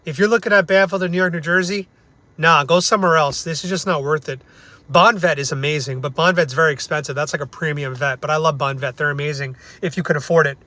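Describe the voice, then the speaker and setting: A man's voice: on the high side, pushed and bright, no echo. A young man venting in a ranting review vlog, blunt and angry, swearing often and repeating himself for emphasis. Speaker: vlogger.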